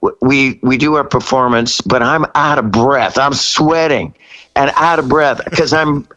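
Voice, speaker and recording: A man in his sixties, a rock singer as a guest, telling a story in a casual interview, laughing often and jumping high when he quotes himself. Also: a little slow, pushed and bright, lo-fi sound.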